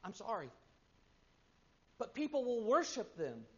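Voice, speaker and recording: Man preaching, high voice, dynamic delivery with loud and hushed swings, muffled lo-fi recording. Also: wildly swooping pitch, a little slow. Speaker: pastor. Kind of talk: sermon.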